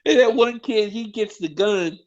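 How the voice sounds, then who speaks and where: A man's voice: high-pitched, normal speed, darkish tone. A man co-hosting a casual movie review show, laughing often and swearing freely as he recounts scenes. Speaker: podcast co-host. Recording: dull lo-fi sound.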